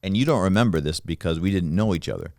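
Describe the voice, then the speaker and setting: A middle-aged man hosting a podcast, telling a casual anecdote with animated energy and frequent laughter. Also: sits low, quick pace, vocal fry, no echo, studio quality. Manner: animated, laughs through his own anecdotes. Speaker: podcast host. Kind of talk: casual storytelling chat.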